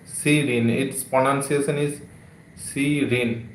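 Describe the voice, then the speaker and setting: Male English tutor, live stream, slow and repetitive, echoey room, mid pitch. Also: steady tone. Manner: slow, repeats words, many "okay" and "uh" fillers. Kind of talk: live-streamed vocabulary lesson.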